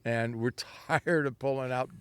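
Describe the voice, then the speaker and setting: A man's voice: mid-range voice, fairly even intonation, a little slow, fairly bright tone, smooth, no echo. An older man from Southern California, a winery founder telling rambling, anecdotal stories in an interview. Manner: rambling, anecdotal, acts out quoted voices. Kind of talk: storytelling interview.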